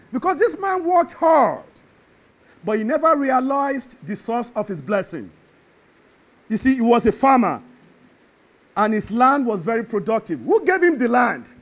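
A man preaching a sermon, animated and building to emphatic shouts. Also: very high voice, moderate pace.

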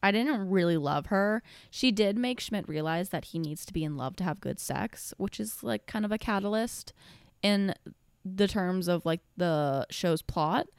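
A woman's voice: medium pitch, expressive, measured pace, clean tone, dry recording, clean studio sound. A woman vlogger giving casual tier-list commentary, rambling, blunt and profane.

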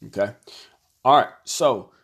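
A man's voice: medium pitch, measured pace, fairly bright tone. Conversational man talking basketball. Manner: conversational, repeats phrases, acts out quoted voices. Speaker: basketball coach and commentator. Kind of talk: casual talk to camera, reviewing an article.

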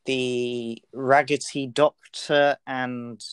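A man's voice: medium pitch, flat delivery, extremely slow, smooth. A nineteen-year-old man co-hosting a casual podcast chat, dry and blunt, often correcting his friend. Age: teens. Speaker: podcast co-host.

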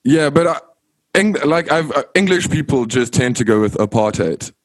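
A man's voice: mid-range voice, expressive, normal speed, dry recording. A man, a guest in a casual interview, talking loosely with lots of "like" fillers. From South Africa. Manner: loose, rambling, heavy on "like" fillers.

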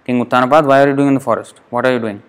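A man voicing a wandering sage who gently questions a small boy he meets in the forest. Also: mid-range voice, steady tone, very fast, smooth, lightly acted. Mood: curious. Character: wandering sage, calm and kindly.

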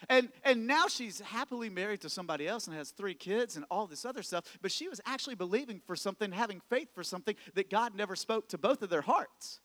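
High, bright-voiced pastor preaching in a hall. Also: male voice, lively intonation, quick pace, hardly any pauses. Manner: conversational preaching with rhetorical questions and repetition. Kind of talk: sermon.

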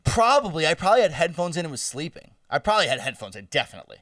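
A man's voice: a little high, rapid-fire, no echo, clean studio sound, recorded from a distance. A man in his twenties telling a story in casual chat, swearing and laughing as he goes. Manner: animated, swearing, laughing, acts out screams.

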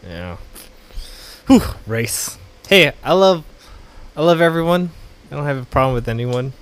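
A man's voice: fairly high pitch, very animated, unhurried, smooth. A man co-hosting a casual podcast chat, joking around and laughing, often slipping into exaggerated voices. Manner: joking, laughing, swings into exaggerated put-on lines. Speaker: podcast co-host.

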